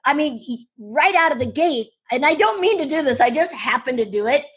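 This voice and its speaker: A woman speaking coach telling stories in an interview, excitable and full of quick restarts and asides. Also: high-pitched. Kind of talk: enthusiastic interview storytelling.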